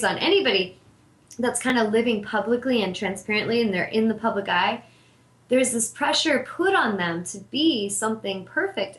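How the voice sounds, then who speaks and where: A woman's voice: fairly high pitch, a bit bright. A woman hosting a show as an intuitive healer, talking in an earnest, heartfelt and candid way about meditation and spirit. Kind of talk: spiritual talk monologue. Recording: echoey room.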